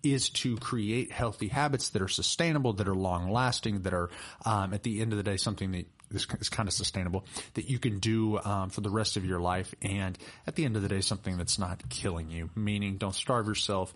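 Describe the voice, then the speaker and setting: Young man, podcast co-host, lower-pitched, loose animated storytelling. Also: a little fast. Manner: chatty, animated storyteller with laughs and fillers. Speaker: personal trainer and podcast co-host. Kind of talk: casual podcast chat and storytelling.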